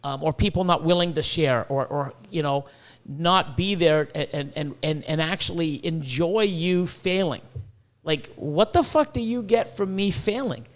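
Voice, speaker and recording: Speaking at a measured pace, a high-voiced Canadian-raised man hosts a casual podcast full of excitement and swearing. His thoughts often outrun him, leading him to repeat words.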